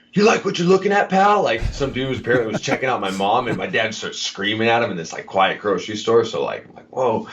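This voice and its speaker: A man's voice: on the low side, a bit bright. A man in his thirties, a fighter guesting on a podcast over a video call, talking earnestly and rambling with lots of fillers. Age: 30s. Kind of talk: casual interview chat. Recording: dull lo-fi video call audio.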